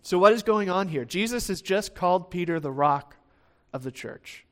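A man's voice: sits high, normal speed. A man preaching a sermon in a conversational way, often restarting phrases and checking in with the listeners with "right?". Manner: acts out the quoted lines of the disciples in lively voices.

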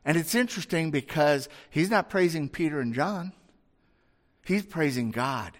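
Guy preaching a sermon, chatty, asks rhetorical questions, higher voice, long hall echo. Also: animated, normal speed.

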